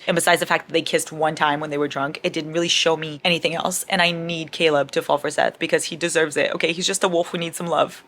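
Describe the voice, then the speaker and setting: A woman's voice: sits low, bright, forceful tone. A young woman book vlogger chatting casually and dramatically about a novel she is reading, with emotional outbursts. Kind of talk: casual reading vlog chat.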